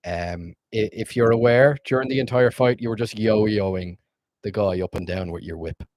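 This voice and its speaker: A man's voice: on the low side, normal speed, darkish tone, slight background noise. A man streaming as game master, wrapping up a tabletop session in loose, rambling casual chat with frequent swearing.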